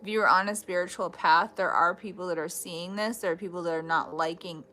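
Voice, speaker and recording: A woman's voice: lowish voice, steady tone, fairly quick, bright, forceful tone, slight background noise. Chatty woman doing a tarot reading. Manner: chatty, swears freely, laughs often; restarts and trailing thoughts. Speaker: tarot reader. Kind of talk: casual live tarot reading.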